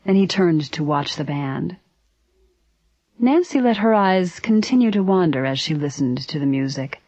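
A woman narrating a story aloud in a steady, even reading voice. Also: fairly low pitch, normal speed, no echo. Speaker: audiobook narrator. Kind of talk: scripted narration. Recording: dry, slightly dull recording.

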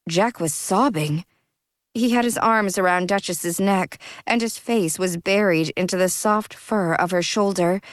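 Slow, measured woman narrator. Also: mid-range voice, no room sound, studio quality. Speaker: audiobook narrator. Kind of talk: scripted narration.

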